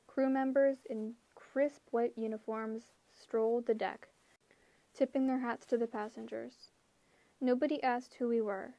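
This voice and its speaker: A woman reading an audiobook aloud in a measured, expressive storytelling way. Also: fairly high pitch, dry recording. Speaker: audiobook reader. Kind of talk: audiobook narration.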